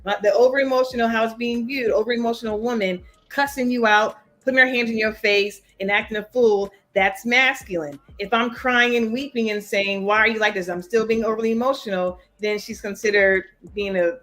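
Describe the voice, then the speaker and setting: A woman's voice: a little high, fairly even intonation, a little fast, hardly any pauses, a bit bright. Firm-spoken woman panelist. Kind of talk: casual podcast debate.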